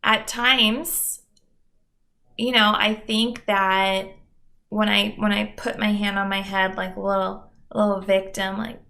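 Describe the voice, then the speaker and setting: A woman's voice: medium pitch, little pitch movement, slow pace, creaky, sharp tone. A young adult woman hosting a podcast, talking candidly and mocking herself, with dramatic asides and plenty of swearing. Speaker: podcast host. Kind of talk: candid solo monologue.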